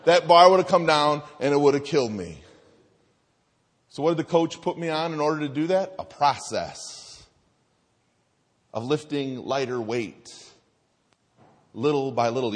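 A man preaching a sermon in a church, telling stories and dropping to soft, earnest tones. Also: fairly high pitch, unhurried. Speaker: pastor. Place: church sanctuary. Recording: long hall reverb.

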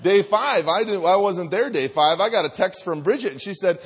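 A man in his thirties preaching, telling a family story in a lively way and acting out the voices of the people in it. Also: high voice, a little slow, hardly any pauses. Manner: animated storytelling, acts out voices. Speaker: pastor. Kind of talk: sermon with personal story. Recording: reverberant hall.

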